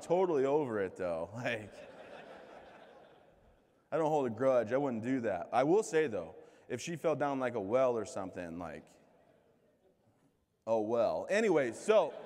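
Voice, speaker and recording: A man in his thirties, from the United States, gives a comedic keynote talk, ribbing himself as he tells his stories. His voice sits at an ordinary middle pitch for a man. The sound carries a long reverb, as if picked up in a large event hall. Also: darkish tone. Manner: joking, self-deprecating storyteller. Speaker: keynote speaker.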